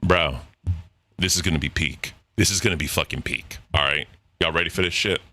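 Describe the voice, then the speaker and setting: A man with a deep but bright voice runs the show on a live stream. He hypes the crew and bosses them around with casual swearing. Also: brisk. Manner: hyping, bossy directing. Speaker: streamer co-host. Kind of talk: casual group stream chat.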